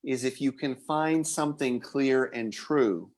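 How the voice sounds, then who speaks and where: A man's voice: mid-range voice, a little slow, a little mellow. A man hosting a spiritual talk, reflective as he responds to his guest, then thanking viewers and making announcements. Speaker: host. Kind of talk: conversational talk show hosting.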